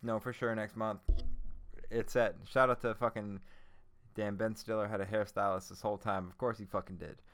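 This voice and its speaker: A young male podcast host with a fairly low pitch talks at normal speed. He rambles casually about a film, getting excited, cursing frequently and bursting out laughing.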